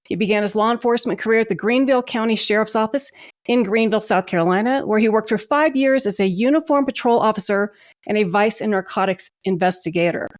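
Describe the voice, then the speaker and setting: A woman's voice: medium pitch, quick pace, no room sound, studio quality. A woman hosting a podcast interview, giving chatty, friendly introductions. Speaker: podcast host.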